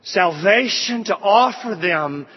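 High-voiced preacher in a reverberant hall. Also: male voice, expressive, slow, slightly rough. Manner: preaching with scripture quotes and repeated appeals. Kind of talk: sermon. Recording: dull sound with long hall reverb.

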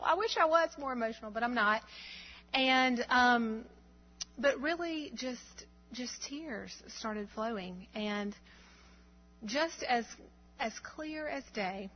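Earnest woman sharing a testimony. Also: medium pitch. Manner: storytelling, earnest and reflective, with many fillers. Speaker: speaker giving a testimony. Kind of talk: personal faith testimony. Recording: dull lo-fi sound with faint hum.

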